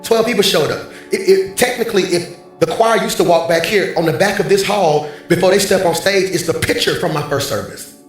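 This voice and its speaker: High-voiced man preaching in an echoey hall. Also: brisk. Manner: animated, call-and-response preaching with banter. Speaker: pastor. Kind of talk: sermon. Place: church hall stage. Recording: very echoey hall, faint music.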